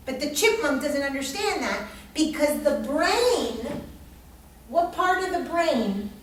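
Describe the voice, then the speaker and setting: Teaching astrology in a live workshop, this woman acts out the characters in her lively stories, mimicking how they spoke. Her high-pitched voice moves at a measured pace, captured distantly in an echoey room with a bit of hiss or hum.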